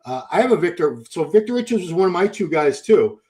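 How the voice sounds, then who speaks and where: A man with a fairly high voice hosts a podcast and spins gym stories. His delivery is animated and chatty, full of asides. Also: fast talker, slight background noise. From Boston. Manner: storytelling, animated. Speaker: podcast host. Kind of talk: casual chat.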